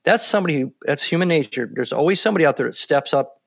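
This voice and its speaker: An older man with a gravelly, fry-edged voice talks through his experiences in a calm, matter-of-fact way. He sounds like a seasoned interview guest, unhurried and plainspoken, settling into each story at an easy pace. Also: fairly high pitch. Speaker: guest, former Navy SEAL. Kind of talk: casual interview talk.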